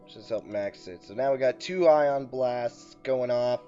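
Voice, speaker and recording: This let's play host has a smooth, mid-range voice and talks a little slowly as he plays. He keeps up casual, excitable commentary, cracking jokes and bursting out in frustration; the audio is muffled, with faint background music.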